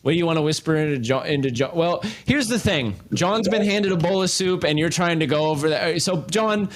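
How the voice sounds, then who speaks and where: A man's voice: on the high side, animated, fairly quick, crowd noise. A young man narrating as game master in a casual tabletop game, with many fillers.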